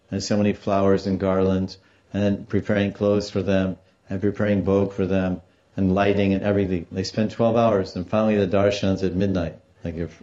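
A man's voice: on the low side, warm tone, dull audio. A man giving a devotional scripture lecture. He tells stories and explains Sanskrit terms along the way. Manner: storytelling, explaining Sanskrit terms, acts out quotes. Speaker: religious teacher.

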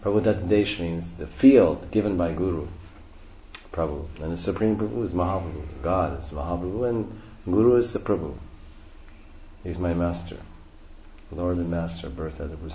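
A man's voice: low-pitched, fairly quick, mellow, slight background noise. A man giving a devotional lecture, explaining verses and repeating key phrases. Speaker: spiritual teacher. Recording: roomy, dull lo-fi recording.

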